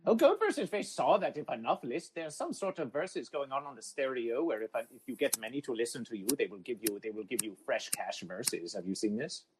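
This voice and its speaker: A man's voice: medium pitch, expressive, fairly quick, few pauses, low-quality recording. A man hosting an absurdist comedy podcast who talks about himself in the third person, speaks formally without contractions and repeats his catchphrases like a chant. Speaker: podcast host. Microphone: phone app audio.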